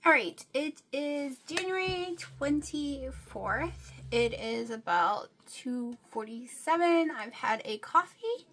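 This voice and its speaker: A woman's voice: high-pitched, lively intonation, slow, fairly bright tone, slight background noise. A middle-aged woman chatting casually to camera at home, rambling with many fillers. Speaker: vlogger. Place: home room with TV on.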